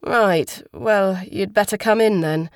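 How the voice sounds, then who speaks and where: A woman's voice: medium pitch, slow pace, no room sound, clean studio sound, natural voice. A woman voicing a flustered, polite husband who talks hesitantly and apologetically.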